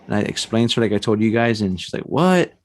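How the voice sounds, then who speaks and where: A man telling a personal ghost story on a podcast, animated and acting out the voices in his tale. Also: lowish voice, fast talker, gravelly. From San Antonio, Texas. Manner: animated storyteller, acts out quotes, frequent restarts and "man". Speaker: paranormal investigator guest.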